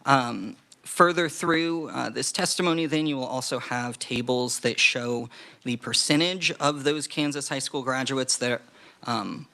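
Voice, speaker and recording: A man walks a legislative committee through testimony. His pitch sits mid-range and his delivery is measured, often pausing on fillers as he explains data. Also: creaky, sharp tone. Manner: measured, hedging with frequent fillers. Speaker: legislative staff presenter.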